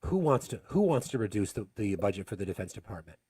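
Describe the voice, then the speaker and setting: A man's voice: lowish voice, sing-song, fast talker, mellow, breathy edge, dry recording. Blunt, heated male call-in host. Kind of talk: live call-in political talk.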